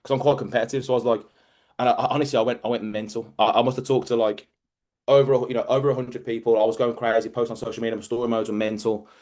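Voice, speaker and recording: A man giving a motivational talk as a business mentor, emphatic and energetic, often repeating words as he drives a point home. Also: mid-range voice, very fast.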